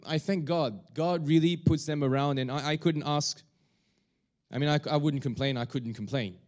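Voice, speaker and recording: A male pastor preaching a sermon, talking in a halting way with many restarts and fillers. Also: on the high side, a little mellow.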